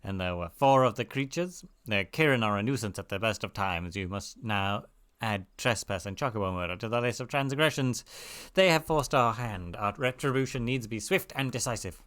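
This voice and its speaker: A man's voice: lowish voice, expressive, normal speed, a bit bright. A man doing a stern soldier woman.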